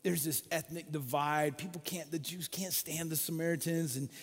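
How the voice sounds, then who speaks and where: A male pastor preaching a sermon, telling stories in an animated way and acting out the voices in them. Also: on the high side, normal speed, faint music behind. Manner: animated storytelling, acts out quoted voices. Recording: long hall reverb.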